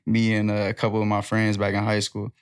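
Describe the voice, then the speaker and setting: A young man talking casually on a podcast as a guest, telling stories in a relaxed way. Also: on the low side, normal speed, smooth. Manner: relaxed, storytelling, quotes himself directing people.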